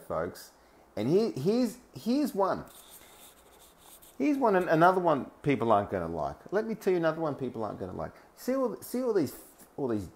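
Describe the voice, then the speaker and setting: A man's voice: medium pitch, darkish tone. A man with an Australian accent giving a mocking, ranting commentary over news clips. He often laughs between phrases and hammers home points with lists of single words. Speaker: online commentator.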